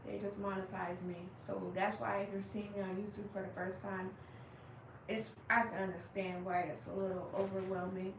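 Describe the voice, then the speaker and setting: A young woman chatting casually with viewers on her livestream, animated and laughing as she acts out their reactions. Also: medium pitch, normal speed, roomy sound, far from the mic, background noise. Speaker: livestream host.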